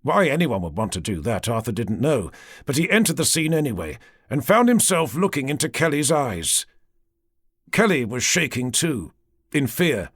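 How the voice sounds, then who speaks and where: A man narrating an audiobook in a measured, dramatic way. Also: medium pitch, sing-song, slightly rough, dry recording, clean studio sound.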